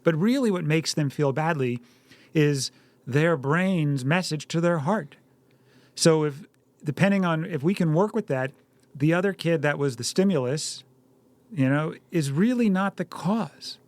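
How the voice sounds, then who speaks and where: A man's voice: fairly high pitch, measured pace, dry recording. A middle-aged man co-hosting a parenting talk, earnest and storytelling, acting out little dialogues. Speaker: podcast co-host, parent.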